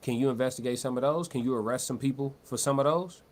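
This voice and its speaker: A man's voice: medium pitch, fast talker, a little mellow. Slangy male livestream commentator, talks loose. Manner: loose, conversational, repeats words and restarts, slangy. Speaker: livestream host. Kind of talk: live-stream commentary, reading chat.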